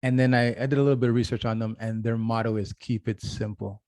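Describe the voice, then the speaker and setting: A man's voice: medium pitch, little pitch movement, racing, a little mellow, clear, resonant tone. A man co-hosting a podcast, telling an easygoing story while stumbling over words. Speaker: podcast co-host. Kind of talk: casual chat.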